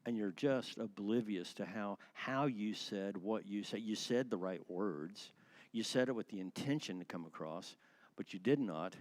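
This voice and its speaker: A man in his sixties giving a lively church class talk, acting out voices and laughing often. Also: fairly low pitch, moderate pace. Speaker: church speaker on marriage.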